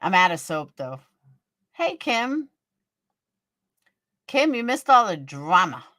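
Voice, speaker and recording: Blunt low-voiced woman livestreamer. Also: very animated, slow pace, bright, forceful tone, no echo, clean studio sound. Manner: blunt and profane, gossipy, chats with viewers by name. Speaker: livestream host. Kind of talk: casual livestream chat reading viewer comments.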